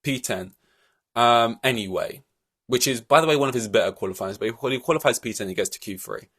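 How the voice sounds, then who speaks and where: A man's voice: mid-range voice, fairly quick, a bit bright, husky. A man hosting a solo podcast, ranting in an exasperated, rambling way with many fillers and restarts. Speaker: podcast host.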